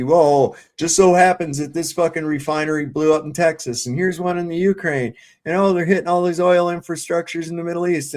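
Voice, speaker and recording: Man, fairly high voice, profane, ranting, sarcastic, panel chat. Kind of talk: casual chat.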